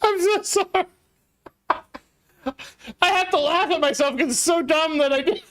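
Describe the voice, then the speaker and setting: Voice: sits high, fast, a bit bright. A game streamer talking casually to live viewers, flustered, apologetic and laughing at their own mistake.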